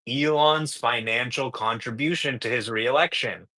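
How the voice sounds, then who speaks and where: Guy hosting a market show, bright punchy voice, casual and emphatic, slows down to hammer points. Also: medium pitch. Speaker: show host.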